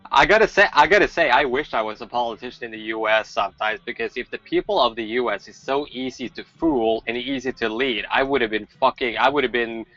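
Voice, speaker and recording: A man's voice: medium pitch, fairly even intonation, brisk, few pauses, a bit bright, muffled recording. A man in casual chat on a podcast panel, blunt and profane, laughing often. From not born in the United States.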